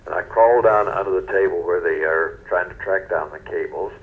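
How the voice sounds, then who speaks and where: An older man from North Carolina, a retired newscaster telling stories in an interview in a folksy, unhurried way. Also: low-pitched. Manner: folksy, unhurried, trails off softly. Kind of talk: relaxed storytelling interview. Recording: dull lo-fi radio recording.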